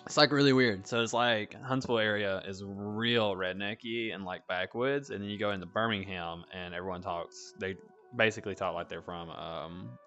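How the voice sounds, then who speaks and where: Bright Southern-accented man, laughing chat. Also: on the low side, moderate pace, muffled recording, soft background music. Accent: Southern US (North Alabama). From North Alabama, US. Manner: laughs often, animated swings of loudness. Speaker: podcast host, club owner. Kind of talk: casual chat.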